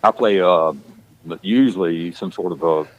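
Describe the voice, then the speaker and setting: A man's voice: low voice, a little slow, low-quality recording. A man with a Southern country accent, rambling in a casual chat with many restarts and fillers. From rural Georgia, west of Atlanta. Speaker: actor guest.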